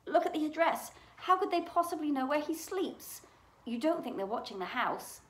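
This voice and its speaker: A woman's voice: high voice, sing-song, normal speed, fairly bright tone, voice pushed up. A woman voicing a fussy, anxious middle-aged aunt with a quivering voice, read aloud in an echoey room.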